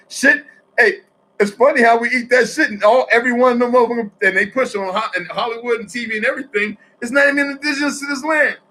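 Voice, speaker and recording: A man from New Jersey talking in a rambling, profane monologue, swinging between loud outbursts and quiet asides. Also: very high-pitched, fairly quick, low-quality recording.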